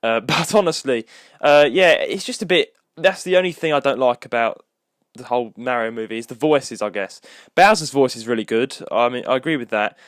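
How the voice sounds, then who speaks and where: A man's voice: mid-range voice, a little fast, no echo, clean studio sound. A young man, hosting a solo podcast episode in a rambling, casual chat with lots of restarts. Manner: rambling, with many restarts and fillers. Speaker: podcast co-host.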